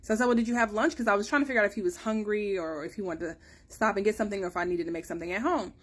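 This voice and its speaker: A woman in her thirties, a mother chatting casually to her viewers and telling a long story, acting out her own questions with sudden rises in pitch. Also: rapid-fire. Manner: chatty storytelling, acts out dialogue with rising pitch. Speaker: mother giving a family update. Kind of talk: casual chat to camera.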